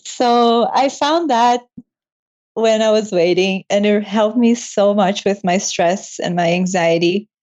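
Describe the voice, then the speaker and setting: Young adult woman, med student guest; warm-hearted, laugh-prone storyteller, slightly muffled recording. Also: mid-range voice, slow pace. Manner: emotional, laughs often, animated retelling. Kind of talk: casual interview storytelling.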